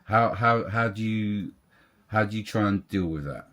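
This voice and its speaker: A man's voice: lowish voice, a bit bright. A man hosting a podcast interview, asking questions and giving frequent short agreements. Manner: supportive, quick agreeing backchannels. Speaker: podcast host. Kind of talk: interview conversation.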